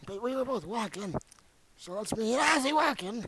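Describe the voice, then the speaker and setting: A young man voicing a boastful, rambling ancient old man who tells a crude, excitable tall tale in an amateur comedy bit. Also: very high voice, moderate pace, very noisy.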